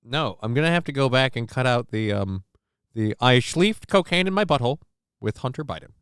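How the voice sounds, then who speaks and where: A man's voice: medium pitch, animated, fairly quick, clear, resonant tone, no room sound, studio quality. A man hosting a casual livestream, joking loosely and with profanity while reading out viewer comments. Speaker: livestream show host.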